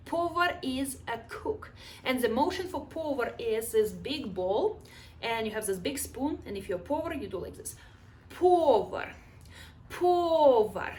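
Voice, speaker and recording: High-voiced woman teaching with slow repeats. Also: fairly bright tone, a little hiss or hum. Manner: slow, drawn-out model pronunciation, coaxing the viewer to repeat. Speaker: language teacher. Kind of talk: vocabulary lesson with repetition drills.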